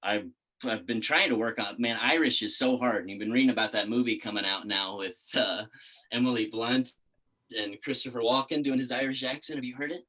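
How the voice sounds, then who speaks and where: A man's voice: medium pitch, fairly quick, pushed and bright, low-quality recording. A man in his thirties from Texas, a podcast guest chatting casually, laid-back, laughing often and swearing freely. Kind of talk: casual interview chat.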